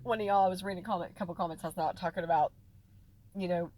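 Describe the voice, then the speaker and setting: A woman vlogger tells her followers about her health journey in casual direct-to-camera chat, folksy and talkative with lots of fillers and "y'all," frequently shifting from laughter to tears. She races along in a fairly low, dark voice with fairly even intonation, over slight background noise.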